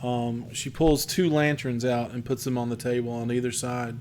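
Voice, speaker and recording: A man narrating as game master for a tabletop game, describing the scene slowly with fillers. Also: mid-range voice, flat delivery, a little mellow, slight background noise.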